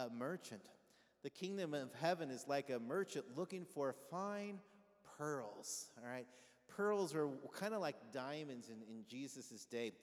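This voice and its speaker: A pastor giving a conversational sermon, asking his congregation questions and having them call back answers. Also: mid-range voice. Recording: long reverb of a large hall.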